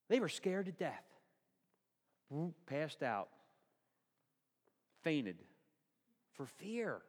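Lively high-voiced preacher in a hall. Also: male voice. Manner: animated storytelling, asks the congregation questions. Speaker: pastor. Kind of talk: sermon. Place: church.

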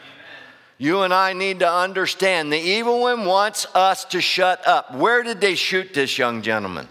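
A man preaching a sermon to his church. He swings from loud, impassioned outbursts to hushed asides and keeps asking the congregation rhetorical questions. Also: high-pitched, lively intonation, moderate pace. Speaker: pastor. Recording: long reverb of a large hall.

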